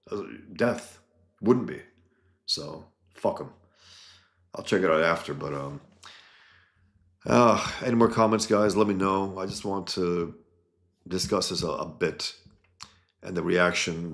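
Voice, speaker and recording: A man's voice: low voice, roomy sound. A man hosting a livestream, talking in a blunt, scornful way with many fillers and restarts. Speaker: livestream host. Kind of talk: casual livestream commentary.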